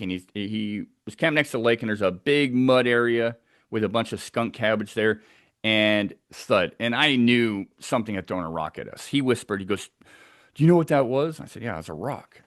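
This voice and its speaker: A man's voice: on the low side, moderate pace, fairly bright tone, smooth, dry recording, clean studio sound. A man telling a tense first-person story of a wilderness encounter, acting out the sounds as he goes.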